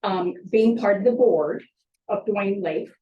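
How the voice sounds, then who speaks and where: A woman's voice: medium pitch, unhurried, phone-quality sound. A woman on a lake association board speaking at a town hearing, meandering with many fillers. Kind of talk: public comment. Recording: echoey room from far off.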